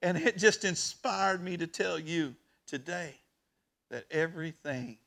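A man giving an emotional sermon as a pastor, swinging from hushed talk to loud, shouted preaching. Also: on the high side, measured pace, creaky, a little hiss or hum.

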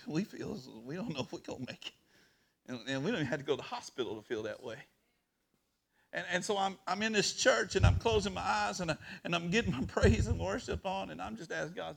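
A man giving an emotional sermon as a pastor, swinging from hushed talk to loud, shouted preaching. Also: a little high, vocal fry, husky.

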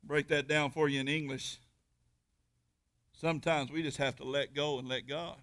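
A man's voice: fairly high pitch, fairly even intonation, normal speed. A man preaching a sermon to a church congregation, reading scripture and then calling out to the crowd with sudden surges of volume. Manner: preaching with rising bursts of volume and call-outs to the congregation; reads scripture aloud, then drops to quiet asides. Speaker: pastor.

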